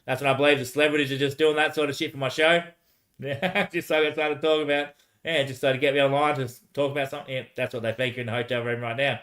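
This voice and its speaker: A man's voice: mid-range voice, little pitch movement, quick pace, a bit bright. A man streaming alone, rambling and answering himself back and forth, dropping "mate" and laughing often. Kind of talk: rambling solo livestream talk.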